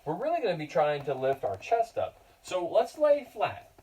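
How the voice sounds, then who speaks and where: Man, kids yoga teacher, encouraging and playful, animated pitch, warm tone, a bit far from the mic. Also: moderate pace. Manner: encouraging, playful, talks to his dog. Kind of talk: guiding a kids yoga class.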